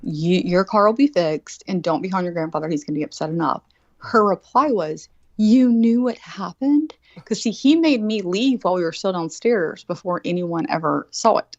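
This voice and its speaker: A woman in her forties, speaking fairly quickly in a lowish voice, tells a casual, rambling story packed with swearing and animated reenactments of what people said. The sound is dull, dry and lo-fi.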